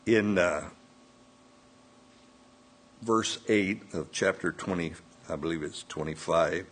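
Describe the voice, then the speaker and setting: Slow, husky-voiced man preaching. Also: low-pitched. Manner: slow, measured retelling with quoted dialogue and self-corrections. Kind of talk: sermon retelling a scripture story.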